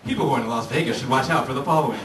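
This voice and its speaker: A man voicing a calm male announcer who reads out a medicine ad's warnings in an even, official tone. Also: medium pitch, rapid-fire, background noise, pitched below the performer's own voice, close to an everyday voice. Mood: deadpan listing. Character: smooth male drug-ad announcer reading warnings. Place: comedy club stage. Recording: roomy, distant club recording, loud audience laughter.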